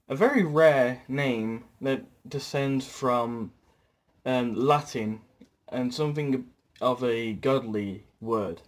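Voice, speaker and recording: A young British man talking casually to camera in a rambling, chatty vlog with fillers. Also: medium pitch. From Britain. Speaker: YouTuber.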